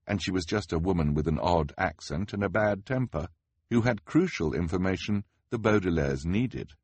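Husky low-ish guy reading a story, wry and expressive, dry close sound. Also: dry recording. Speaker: audiobook narrator. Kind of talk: scripted storybook narration.

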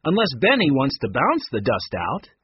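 A man voicing a calm, teasing teenage boy, the oldest brother. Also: medium pitch, moderate pace, slightly rough, dry recording, dull audio, exaggerated voice. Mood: easygoing. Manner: easygoing, teasing.

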